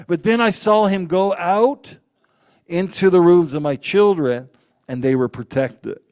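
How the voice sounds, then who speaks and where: A man preaching a sermon, telling personal stories in an animated way and acting out the quotes loudly. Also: a little high.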